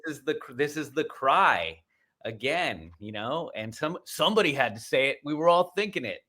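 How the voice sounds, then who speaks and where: Relaxed man chiming in on a podcast. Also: mid-range voice, moderate pace. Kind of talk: casual conversation.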